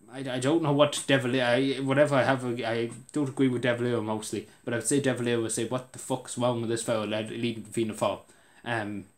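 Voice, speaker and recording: An Irish man delivering an indignant political rant to camera, repeating himself for emphasis. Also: mid-range voice. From Ireland.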